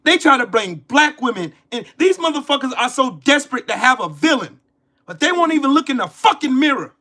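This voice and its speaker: A political commentary streamer in his forties rants angrily in a very high-pitched, pushed and bright voice with big pitch swings, talking a little fast. Heated, profane and repetitive, he says he's pissed off and has a headache.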